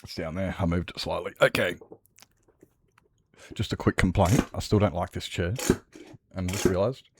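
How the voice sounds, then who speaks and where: A man's voice: sits low, moderate pace, pauses often, background noise. An Australian man chatting casually and swearing freely with his viewers as a livestreamer, rambling from one thought to the next.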